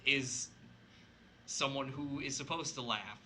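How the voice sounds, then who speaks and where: A man's voice: mid-range voice, slow, sharp tone, slight background noise. A man talking as a guest on a casual podcast, reluctant and ready to argue his point. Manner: reluctant, argumentative. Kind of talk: casual chat.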